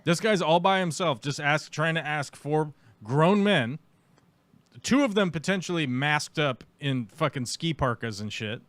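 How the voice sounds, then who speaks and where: A man's voice: a little high, expressive, a little slow, fairly bright tone, no room sound. A man hosting a live stream, commenting on clips in a sarcastic, profane, mocking way.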